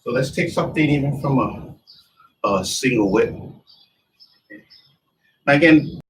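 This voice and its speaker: A man's voice: medium pitch, expressive, a little slow. A man teaching a tai chi lesson, talking in loose, broken phrases as he demonstrates the moves. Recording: distant mic with faint background noise.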